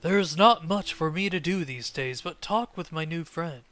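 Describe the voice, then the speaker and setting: A man's voice: a little high, moderate pace, pushed and bright, no room sound, faint music behind. A man voicing a rambling, half-mad old male quartermaster in a fantasy game. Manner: rambling, talks to himself.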